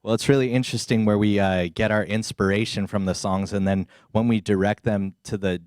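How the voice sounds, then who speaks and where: A man's voice: fairly low pitch, fairly even intonation, brisk, darkish tone, dry recording, studio quality. A man with an American accent hosting a songwriter showcase, upbeat and friendly as he brings performers up. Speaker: show host.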